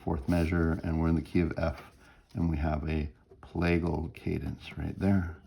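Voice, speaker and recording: A very deep-voiced man with a gravelly edge talks students through a music theory lesson. He works step by step, hums short melody fragments and keeps checking in with "right?". His tone is dark and mellow, and faint noise sits under the recording. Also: level tone, normal speed. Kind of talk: recorded lecture walkthrough.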